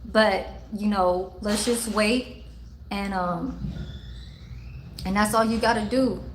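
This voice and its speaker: A woman's voice: mid-range voice, steady tone, takes it slowly, slight background noise, rough recording. A woman in her forties chatting casually on a livestream, telling childhood stories with lots of cursing and laughter and talking to her chat. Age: 40s. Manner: profane, laughing storyteller who talks to her chat. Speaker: livestream host.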